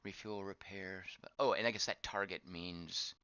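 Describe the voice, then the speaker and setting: A man's voice: low-pitched, fairly even intonation, normal speed, pushed and bright, clean tone, dry recording. A man giving casual gameplay commentary as he plays, thinking aloud, wondering and reacting to what is on screen. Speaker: game streamer. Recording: dull lo-fi dry voice track.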